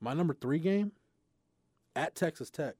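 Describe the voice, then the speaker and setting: Male sports reporter, measured, a touch high-pitched, dry close sound, lays out rankings in order. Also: animated, no room sound. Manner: measured, lays out points in order, drops low and quiet when making a case. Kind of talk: casual sports chat.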